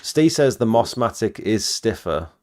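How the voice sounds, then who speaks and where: Low-voiced man giving friendly gear advice. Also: measured pace. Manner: relaxed, advising, chuckles while telling stories. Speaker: live stream host. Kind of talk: casual chat about roof cleaning gear.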